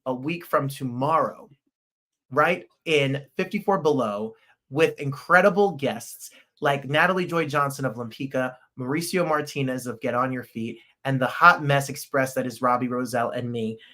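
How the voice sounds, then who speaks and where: Male podcast host, casual rambling chat, eager and excitable delivery. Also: medium pitch, normal speed.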